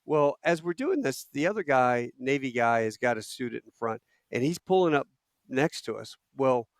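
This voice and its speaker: A middle-aged man, voice pitched in the middle, tells a story with lively acted-out quotes. He sounds close and dry on a studio mic. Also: normal speed, no room sound. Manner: animated anecdote telling with acted quotes. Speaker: podcast guest. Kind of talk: casual storytelling.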